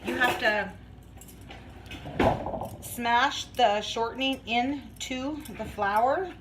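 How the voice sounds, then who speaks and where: A woman's voice: on the high side, very slow, fairly bright tone, a little hiss or hum, low-quality recording. A woman vlogging as she bakes in her home kitchen, chatting in a rambling way and laughing often. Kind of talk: casual chat while baking.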